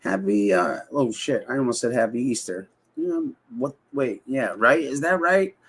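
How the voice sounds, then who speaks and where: A man's voice: medium pitch, sing-song, a little slow, fairly bright tone, husky. A man hosting a casual livestream, rambling and swearing as he talks straight to his chat. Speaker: livestream host.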